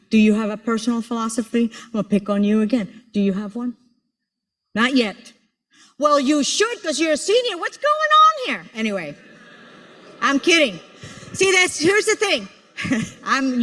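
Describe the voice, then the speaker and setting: A woman in her sixties giving a playful, teasing motivational speech to an audience, repeating words for emphasis. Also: fairly high pitch. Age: 60s. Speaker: conference speaker. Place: large auditorium. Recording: long hall reverb in an auditorium.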